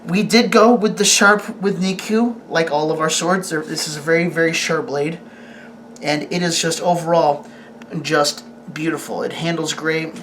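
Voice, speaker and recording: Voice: medium pitch, fairly even intonation, a bit bright, slight background noise. A host reviewing a sword on camera in a casual, rambling way, often restarting sentences and asking the camera operator questions. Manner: rambling, halting, with frequent restarts.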